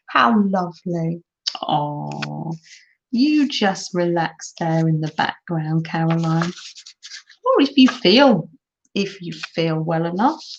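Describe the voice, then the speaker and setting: An older woman hosting a craft livestream, chatting affectionately with viewers and reading out comments in a gushing, exclamatory way. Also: lowish voice. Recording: dull, lo-fi stream audio with faint noise.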